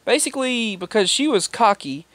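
Rambling man telling a story, fairly high voice. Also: expressive, normal speed, a bit bright, dry recording. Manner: rambling, repeats himself, quotes others in a raised voice. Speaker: vlogger. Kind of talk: casual storytelling monologue.

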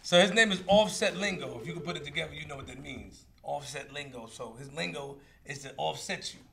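A man's voice: a little high, a little fast, vocal fry, crowd noise. A man hosting a call-in podcast, brash and profane, laughing with callers. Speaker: podcast host. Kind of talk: casual call-in banter.

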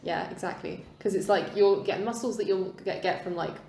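A woman's voice: medium pitch, brisk, vocal fry, darkish tone, slight background noise. A woman co-hosting a podcast in casual chat, rambling with lots of fillers. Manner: rambling, lots of likes and ums. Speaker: podcast co-host. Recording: roomy echo.

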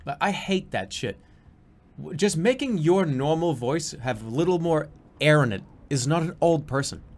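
A man's voice: a little high, animated, normal speed. A man commenting on a horror game while he plays, joking and crudely mocking the voice acting. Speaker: streamer playing a horror game.

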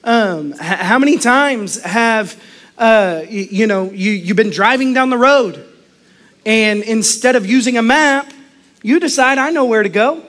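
A middle-aged man preaching a sermon as pastor, animated, acting out quotes and laughing often. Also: high voice, measured pace.

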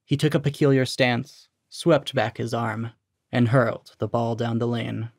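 A man narrates a short story aloud at a measured, steady pace. His voice has a gravelly texture, and the recording is dry and close. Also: mid-range voice, no echo. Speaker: reader.

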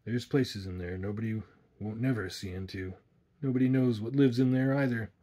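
A low, uneasy backwoods guide, as a man reads him aloud, rough-spoken and hushed. His voice is mellow and husky, like a storybook reading. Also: moderate pace, natural voice.

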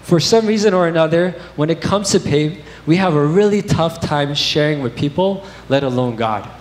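A man's voice: fairly high pitch, animated, moderate pace. A young man preaching a sermon, candid and conversational, telling personal stories with casual fillers. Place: church sanctuary. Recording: echoey church hall with faint noise.

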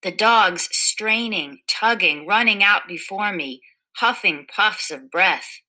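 A woman reading a children's picture book aloud in a gentle storytelling manner, livening up the quoted lines. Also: mid-range voice, takes it slowly, low-quality recording. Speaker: storybook reader.

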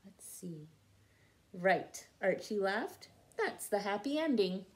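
Slow, patient woman reading a children's story. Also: mid-range voice, sing-song, background noise. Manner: patient, explains words to young listeners. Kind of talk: children's read-aloud with word lessons.

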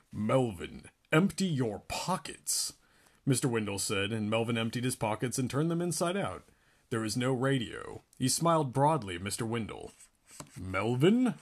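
A man reading a book aloud in an animated way, often laughing between lines. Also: mid-range voice. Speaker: reader.

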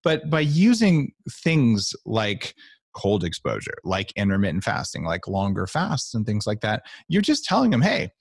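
A man's voice: fairly low pitch, sing-song, moderate pace, slightly rough, no echo, clean studio sound. A middle-aged man, a guest author, talking playfully on a podcast and acting out little voices as he explains. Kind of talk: animated podcast talk.

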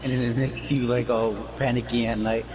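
A man's voice: medium pitch, level tone, brisk. A man joking and swearing casually while chatting with friends over a game. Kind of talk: casual gaming chat with friends. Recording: loud background noise.

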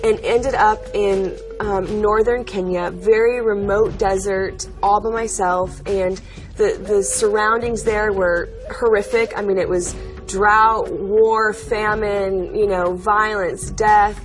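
A woman's voice: mid-range voice, steady tone, takes it slowly, faint music behind. A young adult woman, an interview guest, telling personal stories in an earnest, chatty way, with many fillers and frequent laughs. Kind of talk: interview storytelling.

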